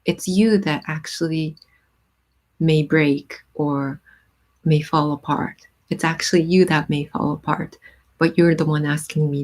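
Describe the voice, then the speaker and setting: A woman hosting a casual live stream, reading song lyrics and explaining their meaning with many pauses and "um"s. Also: deep voice, fairly even intonation, darkish tone. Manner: thoughtful, pauses with many "um"s, reads lyrics aloud then explains.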